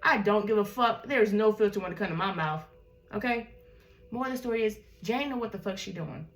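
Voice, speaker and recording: A woman's voice: medium pitch, fairly quick. A woman guest, the host's sister, talking bluntly and emphatically with lots of profanity in a casual livestream chat, a little tipsy.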